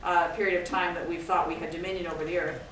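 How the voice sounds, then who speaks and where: A woman's voice: fairly low pitch, level tone, quick pace, a bit bright. A woman from Scotland giving an informal, digressive talk to an audience, chatty and self-deprecating. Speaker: guest speaker. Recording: echoey hall from far off, faint noise.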